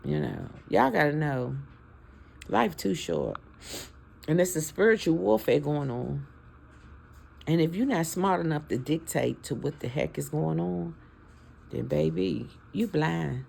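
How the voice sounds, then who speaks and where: A woman's voice: low voice, expressive, a little slow, gravelly, long pauses, darkish tone, breathy edge. A woman in her fifties talking to her followers in a casual, heartfelt and preachy way, emotional about her family. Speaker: vlogger. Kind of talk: casual heartfelt talk to camera.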